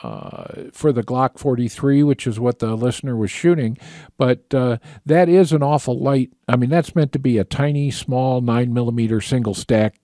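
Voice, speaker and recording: A man's voice: mid-range voice, expressive, normal speed, dark tone, no echo, clean studio sound. A man hosting a call-in radio show, chatting casually and loosely with many fillers and restarts. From Michigan.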